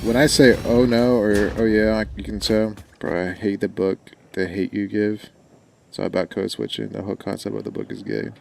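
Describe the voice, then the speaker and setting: Young man, mild country accent, lowish voice, rambling streamer chatter, faint background hiss. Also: fairly even intonation, a little fast, creaky. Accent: mild rural American country accent. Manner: rambling and joking, often trailing off. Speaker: livestreamer. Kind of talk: casual chat with stream viewers while gaming. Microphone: desk microphone.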